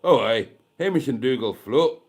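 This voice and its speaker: A man's voice: mid-range voice, lively intonation, normal speed, darkish tone, close to an everyday voice. A man with a head cold putting on a jokey Scottish accent for a matter-of-fact Scottish man. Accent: put-on Scottish.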